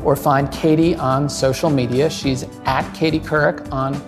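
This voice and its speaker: A man co-hosts a podcast and reads the closing plugs in a brisk, friendly voice. Theme music plays clearly beneath him. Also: on the high side, steady tone. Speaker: podcast co-host. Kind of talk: reading podcast outro.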